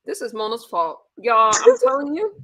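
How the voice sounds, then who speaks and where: A woman's voice: a little high, huge pitch swings, moderate pace, fairly bright tone. A woman hosting a casual live-stream chat with callers, playful and eager to keep the peace, speaking. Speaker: host.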